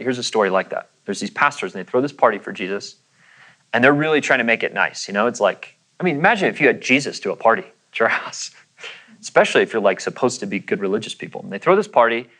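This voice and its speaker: A man's voice: mid-range voice, a bit bright, low-quality recording. Man pastor telling a sermon story. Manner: conversational, acts out quoted voices.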